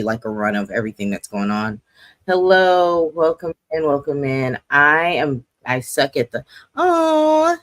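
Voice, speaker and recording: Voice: mid-range voice, sharp tone, dry recording. A forty-year-old host chatting casually on a livestream, rambling and joking at their own expense. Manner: chatty, rambling and self-mocking. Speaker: host of a poetry slam's monthly livestream.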